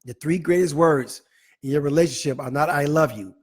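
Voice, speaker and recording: A man hosting a live online talk show, playfully reading out viewer comments with animated, teasing asides. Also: fairly high pitch, fairly quick, husky. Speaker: host.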